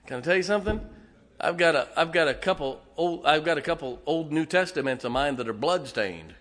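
A middle-aged man preaching a sermon, telling folksy, animated stories with asides to the congregation. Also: a little high, brisk. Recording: long hall reverb.

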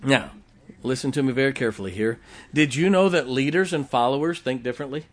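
A man's voice: mid-range voice, animated, fast. A middle-aged man preaching a folksy sermon, often asking the congregation questions. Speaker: pastor.

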